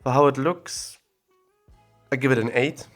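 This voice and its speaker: A man's voice: medium pitch, a little slow, soft background music. A man giving casual, think-aloud commentary while exploring places on a map, recorded on a separate audio recorder. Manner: thinking aloud, relaxed and chatty.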